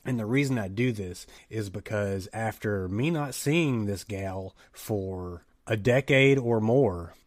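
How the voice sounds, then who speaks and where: A middle-aged man, telling a story in a casual chat, animated and often restarting his sentences. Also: fairly low pitch, slow pace, hardly any pauses, dry recording. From Tennessee. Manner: animated, self-interrupting storyteller. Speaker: podcast storyteller.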